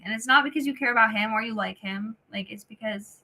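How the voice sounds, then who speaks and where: Bright-voiced young woman, hedging casually. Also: on the high side, quick pace. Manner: hedging, laid-back, full of "like" and "I feel like". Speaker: podcast guest. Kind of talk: casual chat.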